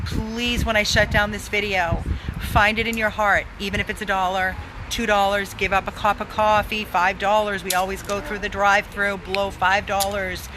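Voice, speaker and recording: A woman's voice: medium pitch, background noise. A woman who runs an animal rescue, pleading for donations, emphatic and repeating words for stress. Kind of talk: pleading fundraising appeal.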